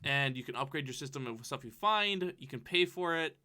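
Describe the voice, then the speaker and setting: Bright-voiced rambling podcast guy. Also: mid-range voice, animated, fairly quick. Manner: rambling, many fillers, laughs often. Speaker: podcast co-host. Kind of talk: casual chat.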